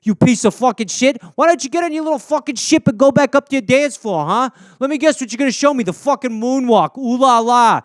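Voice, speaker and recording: A man's voice: sits high, sing-song, moderate pace, no echo, clean studio sound. A man playing a foul-mouthed, belligerent male tough guy, in a comedy bit. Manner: swearing, threatening, belligerent.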